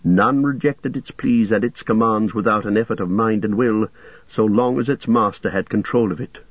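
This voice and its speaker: A male narrator reads a fantasy story in a measured, even manner. His voice is low and dry, and the recording sounds dull and lo-fi. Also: no echo. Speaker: audiobook narrator. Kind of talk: scripted narration.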